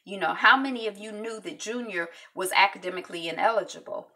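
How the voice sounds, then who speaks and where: A woman's voice: mid-range voice, fast, bright, forceful tone. A woman giving a casual recap of a TV episode, acting out the characters' lines as she retells each scene. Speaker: TV recap reviewer.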